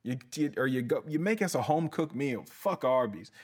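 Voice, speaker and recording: A man's voice: mid-range voice, lively intonation, a little fast, breathy edge. A male comedian hosting his podcast, ranting in a heated, profane way and often tossing in "bruh". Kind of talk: casual comedic rant.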